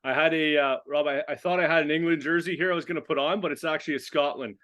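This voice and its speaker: A man co-hosting a recovery podcast, introducing a guest in a relaxed, halting way. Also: a little high. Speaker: podcast co-host.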